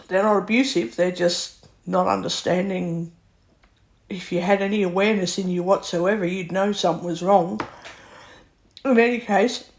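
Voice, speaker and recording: A woman vents in a long vlog rant. She talks slowly and deliberately, leaning hard on her words and acting out other people's lines in her own voice. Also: medium pitch. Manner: slow, emphatic venting with acted-out quotes. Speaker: vlogger. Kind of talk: ranting monologue.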